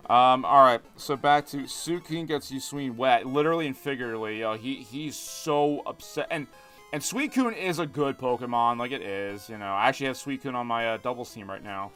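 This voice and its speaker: A man streaming a video game, rambling in animated commentary and chatting with his viewers. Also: mid-range voice, moderate pace, faint music behind. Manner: rambling, animated, talks to chat. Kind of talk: live gameplay commentary.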